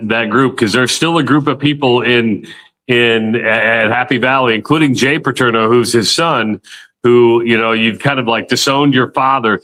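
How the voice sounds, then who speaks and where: A man's voice: mid-range voice, a bit bright. A man hosting a sports radio show, talking casually and with strong opinions, often repeating a word as he starts a thought. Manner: opinionated, loose, repeats words when starting.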